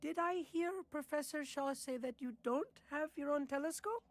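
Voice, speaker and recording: A man's voice: extremely high pitch, normal speed, no echo. A man voicing an eager, boastful young male student who loves astronomy, in a video game.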